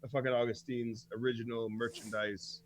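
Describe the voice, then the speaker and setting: A man's voice: mid-range voice, brisk, dry recording. A man co-hosting a radio talk show, telling stories in profane casual chat and laughing often. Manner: animated storytelling, laughs often. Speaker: co-host.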